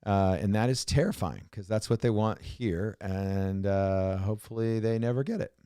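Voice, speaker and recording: A man's voice: lowish voice, moderate pace, dark tone, smooth, dry recording, studio quality. Rambling, joking male podcast co-host. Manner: rambling, repeats words and restarts often; joking, sarcastic asides. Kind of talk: casual chat.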